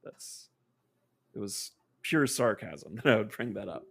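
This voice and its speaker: Male podcast guest with a gravelly voice, sarcastic, rambles and restarts. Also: on the low side, expressive, a little slow, fairly bright tone. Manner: sarcastic, rambling, self-interrupting. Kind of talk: casual podcast chat.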